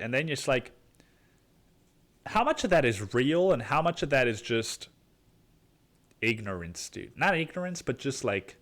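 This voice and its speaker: A man's voice: mid-range voice, big pitch swings, moderate pace, pauses often, fairly bright tone. A male podcast host rants on his own into a microphone in a mid-range voice. He rambles and swears freely, and he drops "dude" into nearly every sentence. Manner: profane, rambling, says "dude" constantly. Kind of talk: solo rant podcast.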